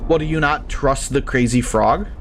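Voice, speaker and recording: A man's voice: mid-range voice, moderate pace, music in the background. A young man streaming a game, chatting casually in a rambling, profane, ranting way. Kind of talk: casual live-stream commentary.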